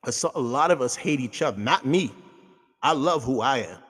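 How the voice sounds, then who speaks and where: A man's voice: medium pitch, lively intonation, moderate pace, fairly bright tone, slightly rough, long reverb tail. A man, hosting a talk show and delivering a heated, profane monologue. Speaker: radio show host.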